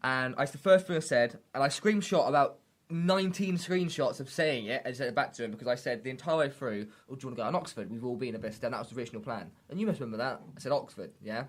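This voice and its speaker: A young British man co-hosting a comedy podcast, telling stories in an excitable, sweary way. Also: medium pitch, quick pace. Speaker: podcast co-host. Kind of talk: casual comedy chat.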